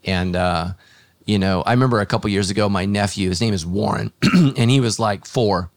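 A man with a fairly low voice, a pastor hosting a podcast conversation. He talks earnestly and thoughtfully, circling back with fillers and restarts. The sound is dry and close, with no room around it. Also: moderate pace, dry recording.

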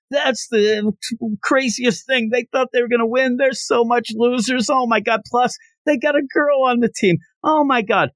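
A man's voice: fairly high pitch, big pitch swings, a little slow, fairly bright tone, breathy edge, no room sound, clean studio sound, exaggerated voice. A man voicing mocking teenage baseball rivals who laugh at a losing team.

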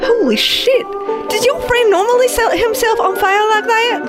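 A man voicing an excitable young townswoman in a tabletop game, squealing in disbelief. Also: very high voice, moderate pace, loud music behind the voice, pitched above the performer's own voice. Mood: shocked. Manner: squealing, incredulous exclamations. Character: startled young woman townsfolk, excitable and shrill.

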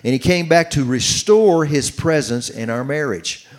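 A middle-aged man preaching on marriage, reading scripture slowly and commenting as he goes. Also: on the high side. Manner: earnest, reads scripture slowly with running commentary. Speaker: pastor teaching on marriage. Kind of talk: sermon-style Bible teaching.

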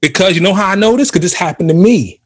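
Animated husky-voiced man telling stories. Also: high voice, quick pace. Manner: animated storyteller, acts out quotes. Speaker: podcast co-host. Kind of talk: casual chat about ministry.

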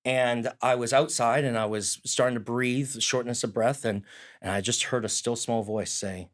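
A man's voice: lowish voice, steady tone, normal speed. A young man, a student, giving an earnest personal testimony in a conversation. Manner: earnest, storytelling with quoted prayers.

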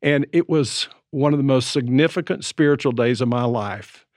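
A man in his seventies telling stories in a relaxed, reflective conversation as co-host. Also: mid-range voice, normal speed, no room sound, clean studio sound. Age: 70s. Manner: storytelling, reflective. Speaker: podcast co-host. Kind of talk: casual conversation. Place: Colorado.

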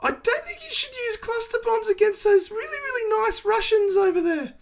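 A meek little politician who sounds like a nervous child, pleading in a thin, squeaky falsetto that sits far above a normal speaking voice. The pitch swings a lot as he begs. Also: expressive, a little fast, vocal fry, full character voice.

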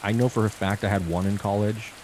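A man in his late twenties rambles through stories in a casual chat, saying "like" constantly. His lowish voice is steady, fast and a little mellow, and heavy rain makes the background noisy.

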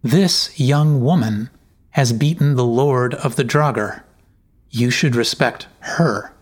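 A man voicing a cunning young noblewoman who speaks softly, slowly and needlingly in a storybook reading. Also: medium pitch. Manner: soft, slow, needling.

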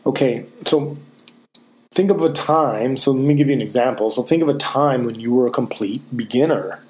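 A man giving a motivational self-help talk, earnest and emphatic, slowing down on key phrases. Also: mid-range voice, a little mellow. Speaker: motivational speaker.

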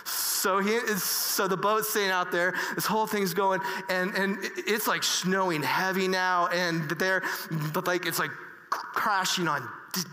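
A man telling a personal story earnestly, halting with many restarts and fillers. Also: high-pitched, fairly even intonation, pushed and bright. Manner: earnest and emotional. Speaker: speaker. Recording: reverberant hall.

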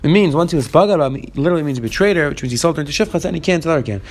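Racing along with a high-leaning voice and lively intonation, a man leads a quick Talmud study session. He reads each Aramaic line aloud before explaining it in English.

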